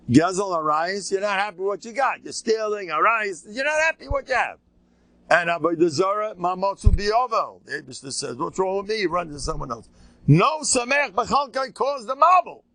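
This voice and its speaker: Animated older rabbi giving a class. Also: male voice, on the high side. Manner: animated, joking storyteller with rhetorical questions. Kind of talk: informal Torah lecture.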